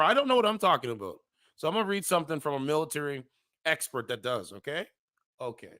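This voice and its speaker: Bright-voiced man reading news, stumbling. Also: a little high. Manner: stumbles over words, corrects himself mid-read; slangy asides. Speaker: show host reading an article aloud. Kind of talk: casual commentary with read-aloud article.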